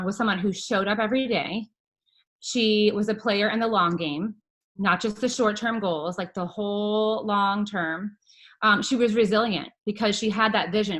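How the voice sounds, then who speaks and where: A woman's voice: mid-range voice, fairly bright tone. A woman casually presenting a recap to her team over a video call, chatty and rambling with lots of fillers.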